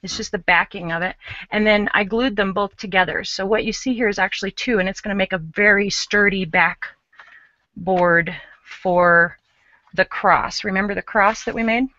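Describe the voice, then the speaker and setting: Woman craft host, bright forceful voice, chatty and self-mocking, dry close sound, a little dull. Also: medium pitch, fairly even intonation, normal speed, no room sound. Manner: chatty, self-mocking, explains while working. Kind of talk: casual live craft chat.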